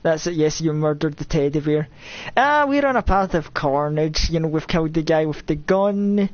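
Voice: medium pitch, animated, normal speed, no echo, highs cut off. A game streamer with a Scottish accent, from Scotland, giving rambling, self-mocking live commentary with nervous outbursts.

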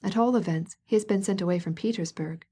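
A self-important, well-connected princess, as a woman narrator puts her on, confiding gossip in a significant half-whisper for a storybook. Her voice is warm, dark and husky. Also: medium pitch, fast, natural voice.

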